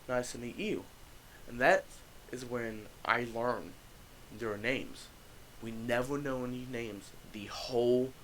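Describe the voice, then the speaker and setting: A young man talks casually straight to his audience, rambling and swearing freely as he tells a story. His pitch sits in an ordinary middle range. A faint hiss runs under the recording. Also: fairly bright tone, low-quality recording. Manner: loose, profane, rambling delivery with restarts. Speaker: YouTuber telling a story.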